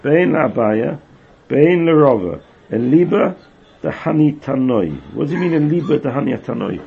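A man leads a Talmud class with a gravelly, husky voice set a little high, chanting phrases in a sing-song lilt and firing the same question again and again at his students. His pitch swings widely as he talks. The recording sounds dull and lo-fi. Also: sing-song, normal speed. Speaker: Talmud teacher.

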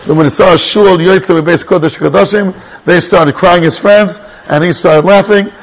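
A man teaching a Torah class in an animated way, restarting sentences and mixing in Hebrew terms. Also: sits high, normal speed, poor audio. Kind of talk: lively Torah lecture.

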